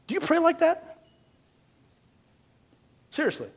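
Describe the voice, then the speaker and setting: A man preaching a sermon in an animated, emphatic way, with casual asides and acted-out quotes. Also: extremely high pitch, measured pace, gravelly, long pauses. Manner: acts out quotes in a shifting voice.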